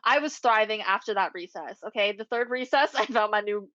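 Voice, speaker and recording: A young adult woman, a podcast co-host, telling a story in casual chat with animated, swearing delivery. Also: medium pitch, a little fast, dry recording. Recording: dull lo-fi recording.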